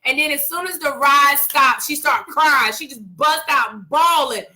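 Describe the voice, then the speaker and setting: A woman co-hosting a couples talk show, chatting casually in a lively storytelling way, repeating words as she goes. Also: sits high, unhurried. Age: adult parent. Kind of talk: casual chat.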